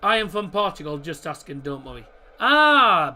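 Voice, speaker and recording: A man's voice: on the high side, very animated, normal speed, bright, forceful tone. A man hosting a live football watchalong, chatting casually, answering viewers' chat and talking through the match, with the odd swear word.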